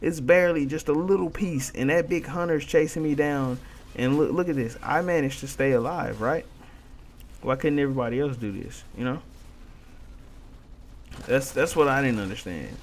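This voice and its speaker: A man's voice: mid-range voice, moderate pace, slight background noise. Ranting young man over gameplay. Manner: frustrated, ranting, repeats himself. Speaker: gaming video commentator. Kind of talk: casual gameplay commentary.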